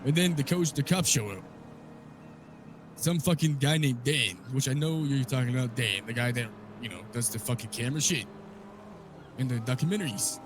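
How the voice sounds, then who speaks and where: A man recapping a wild story in character, swearing a lot and telling it with animated energy. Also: mid-range voice, moderate pace, background noise.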